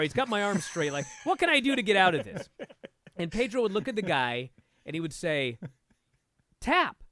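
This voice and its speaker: A man talking as a guest and instructor, telling a story in a casual, animated way and swearing freely. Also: sits high, clean tone, dry recording, studio quality. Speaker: podcast guest, martial arts instructor.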